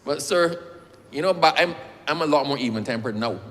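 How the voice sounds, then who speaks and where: Fairly high-pitched, expressive, and a bit bright, a man speaks fairly quickly while presenting a bill in parliament. He weaves in a personal anecdote and keeps addressing the chair as "sir," his voice echoing in the reverberant debating chamber.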